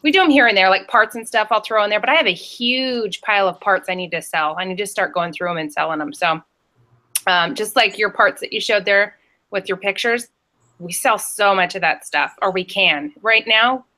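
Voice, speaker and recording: Woman on a reseller panel, bright rambling talker, video call. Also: mid-range voice, moderate pace. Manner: chatty and rambling, lively storytelling. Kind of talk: casual chat.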